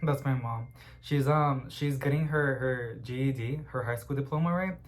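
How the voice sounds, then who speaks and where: A young man chatting casually at home about plants he is unboxing, rambling and getting excited as he goes. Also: mid-range voice, moderate pace, a little hiss or hum. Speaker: plant vlogger.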